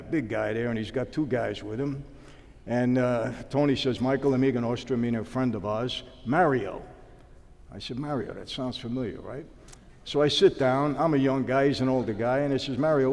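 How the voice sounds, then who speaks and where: A man's voice: mid-range voice, long reverb tail. A man telling stories in a sit-down interview, acting out the dialogue. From New York. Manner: animated storyteller acting out dialogue. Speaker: interview guest, former mobster.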